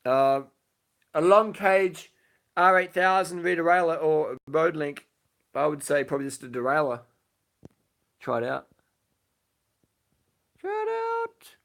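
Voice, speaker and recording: A man's voice: a little high, fairly even intonation, unhurried, gravelly, long pauses, a bit bright. A man answering viewers' questions on a casual late-night live stream from his bed, speaking bluntly, swearing freely and repeating his points. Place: lying in bed at home.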